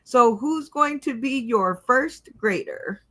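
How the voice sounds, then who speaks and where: A woman's voice: on the high side, expressive, fairly bright tone. A woman hosting a comedy game show, speaking with many fillers and light giggles. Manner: slow, giggly, filler-heavy.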